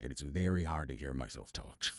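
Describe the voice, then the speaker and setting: Deep AI narrator voice, very low, gravelly, wildly swooping, slow, long reverb. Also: male voice, a little mellow, exaggerated voice. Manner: self-mocking, amused, fumbling over words. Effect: AI voice changer. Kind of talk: casual live-stream chat.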